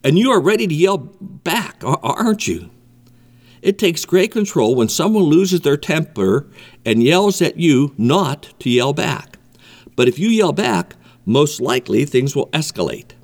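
Man preaching, fairly high voice, emphatic, repeats points. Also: sing-song, a little slow. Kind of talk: sermon.

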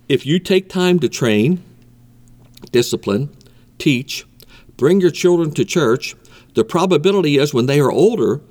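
A man's voice: mid-range voice, darkish tone. A man preaching a sermon in an emphatic way, repeating his key points.

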